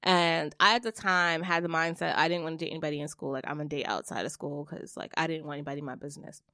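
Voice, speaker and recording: A young adult woman on a podcast, telling a personal story in blunt, swearing, animated casual chat. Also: low voice, quick pace, no room sound, studio quality. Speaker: podcast co-host.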